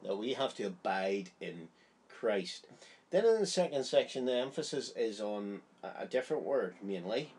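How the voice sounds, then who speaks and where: A man's voice: lowish voice, sing-song, normal speed, a little mellow, husky. A man giving a Bible study, explaining a chapter in an earnest, conversational way. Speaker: Bible teacher.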